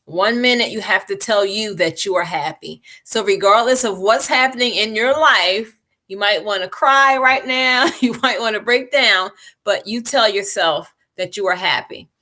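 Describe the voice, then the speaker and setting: A woman hosting a livestream, guiding listeners through meditation with calm, unhurried instructions and easy laughter. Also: mid-range voice. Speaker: meditation host.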